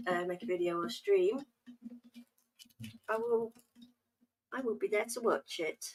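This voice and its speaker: A woman's voice: mid-range voice, measured pace, pauses often, a bit bright, a little hiss or hum. An Englishwoman hosting a livestream, chatting casually and teasing playfully with slang. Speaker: livestream host.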